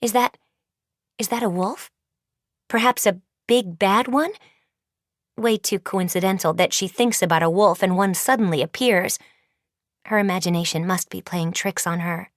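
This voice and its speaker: A woman reading a storybook audiobook in a measured, suspenseful way. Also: medium pitch, no echo, clean studio sound. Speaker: audiobook narrator. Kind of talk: scripted storybook narration.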